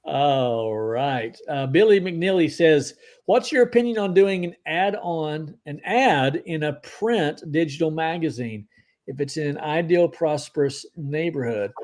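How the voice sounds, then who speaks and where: A man's voice: fairly high pitch, animated, unhurried, darkish tone. A man co-hosting a casual live stream, upbeat as he reads out viewer comments and gives short opinions. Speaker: podcast co-host.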